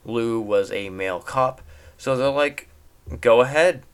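Young man, casual movie recap, rambling, animated, mid-range voice. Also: medium pitch, measured pace, clean tone. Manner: rambling, animated, laughs at jokes.

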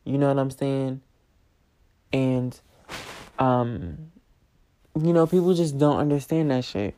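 A woman's voice: rumbling low, mellow. Blunt, profane young woman podcaster. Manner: blunt, profane and emphatic, repeating phrases for force. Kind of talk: candid personal storytelling.

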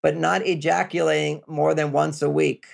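A man's voice: on the high side, flat delivery, moderate pace, creaky. An older man, a guest author, explaining relationship and health advice in an interview with an emphatic, repetitive manner.

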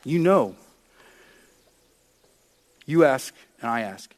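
Impassioned preacher, a man with a higher voice. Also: expressive, measured pace. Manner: impassioned preaching with dramatic swings in pitch and loudness; acts out prayers and scripture quotes in a raised voice. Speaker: pastor. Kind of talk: sermon.

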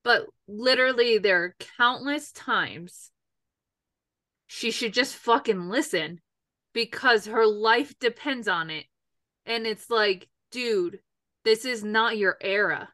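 Blunt woman co-host, bright, tense voice, high-ish, dry close sound. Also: takes it slowly, no echo. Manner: blunt, swears, exasperated rants. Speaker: podcast co-host. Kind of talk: casual chat.

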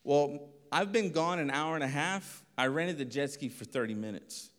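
A pastor telling a lively story in a sermon, acting out voices and laughing often. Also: male voice, on the high side, moderate pace. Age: adult. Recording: long reverb of a hall.

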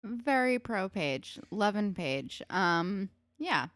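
In a mid-range, sing-song voice with a fairly bright tone, this podcast co-host talks slowly as she casually discusses a TV episode, peppering it with fillers and swearing. The studio sound is clean, without echo.

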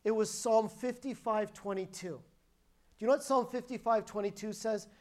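A woman's voice: fairly high pitch, steady tone, moderate pace, a little mellow. A woman preacher giving a sermon as a personal testimony, telling her story emphatically and often restarting her sentences.

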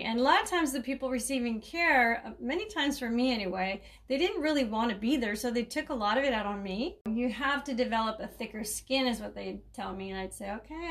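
Chatty, laughing woman podcaster, higher voice. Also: a bit bright. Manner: chatty and rambling, laughs often, many restarts. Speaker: caregiving coach and podcast host. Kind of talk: casual solo podcast talk.

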